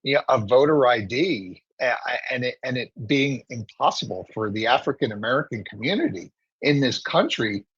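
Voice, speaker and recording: Husky male political commentator. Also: mid-range voice, normal speed, no echo, dull audio. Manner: emphatic, steady and opinionated. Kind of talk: political talk show commentary.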